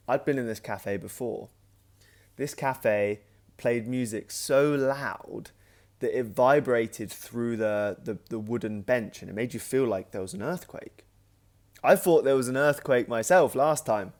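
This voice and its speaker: Man telling an animated anecdote. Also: medium pitch, unhurried. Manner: animated anecdote, acting out his own past remarks; loose, with frequent restarts and "like". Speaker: creator and host of his own channel. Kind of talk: casual storytelling to camera.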